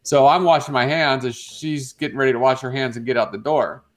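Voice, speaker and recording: Animated man telling a bathroom story. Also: brisk. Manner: animated storyteller, jumps into high voices when quoting a woman. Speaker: morning show co-host. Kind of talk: casual radio chat, storytelling.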